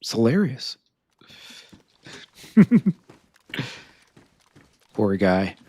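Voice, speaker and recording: American guy live streaming a game, laughs a bunch, talks to himself looking for loot, bouncy lively pitch. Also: drawn-out words, dry recording. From United States. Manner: chatty, laughs often, talks to himself while looting. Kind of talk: live gameplay commentary to chat.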